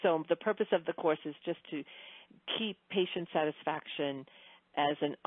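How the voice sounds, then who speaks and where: A woman guest speaker telling lively stories in a phone interview, acting out quotes. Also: low voice, normal speed, dry recording. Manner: animated storyteller, acts out quotes. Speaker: guest speaker, customer-service trainer. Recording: tinny phone line, dry.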